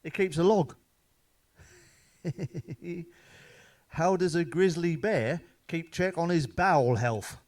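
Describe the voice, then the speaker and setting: A man's voice: on the high side, slow, long pauses, darkish tone. A middle-aged man telling one-liners and dad jokes as a stand-up comedian, cursing often and chuckling at his own punchlines. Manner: swears freely, laughs at his own jokes.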